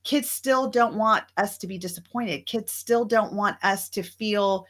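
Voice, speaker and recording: A woman's voice: medium pitch, unhurried, fairly bright tone. Middle-aged woman co-hosting a chat, earnest and thoughtful, acts out bits of her stories. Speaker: co-host. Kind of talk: casual chat.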